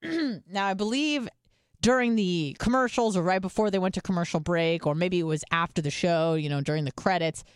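Woman, podcast co-host, casual storytelling, swears a lot, lowish voice, dry close sound. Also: fairly quick, clear, resonant tone, no echo. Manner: chatty storytelling, swears freely. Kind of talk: casual chat.

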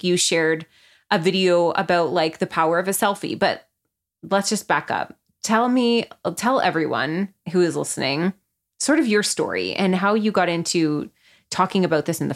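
A woman's voice: lowish voice, animated, normal speed. A woman hosting a podcast, introducing her guest and interviewing her in an earnest, affirming way over a call. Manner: earnest and affirming, many "yeah"s. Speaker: podcast host. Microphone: remote call.

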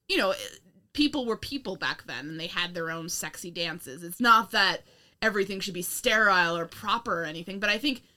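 Bright-voiced woman chatting sarcastically. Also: medium pitch, animated, fairly quick. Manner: rambling, laughing, profane, sarcastic. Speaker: podcast co-host. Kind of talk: casual film review chat.

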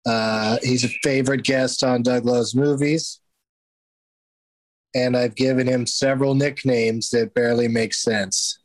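A man's voice: mid-range voice, steady tone, unhurried, dry recording. A man hosting a podcast in casual chat, rambling and hesitant with lots of fillers. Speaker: podcast host.

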